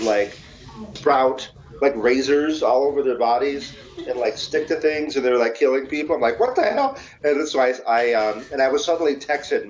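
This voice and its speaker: A man being interviewed as an author, talking in a relaxed, chatty way with self-mocking humor. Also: medium pitch. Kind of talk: casual interview answers. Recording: dull lo-fi recording.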